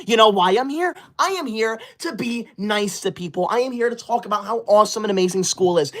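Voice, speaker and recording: Playing a character on his comedy livestream, a young male host speaks high-pitched and a little fast, with a fairly bright tone and hardly any pauses. He reads super chats aloud and chides chatters primly, indignant and defensive, in stiffly formal language.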